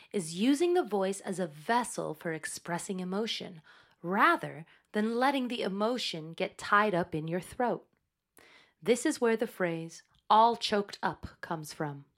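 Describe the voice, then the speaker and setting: Slow, calm woman coaching breath. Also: mid-range voice. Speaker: voice instructor. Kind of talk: guided breathing and voice exercise.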